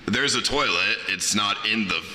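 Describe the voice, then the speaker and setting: Man, low voice, very bright and forceful, deadpan teasing, casual stream talk, long hall reverb, faint noise. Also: normal speed. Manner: deadpan, matter-of-fact teasing. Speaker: stream host running a prison challenge.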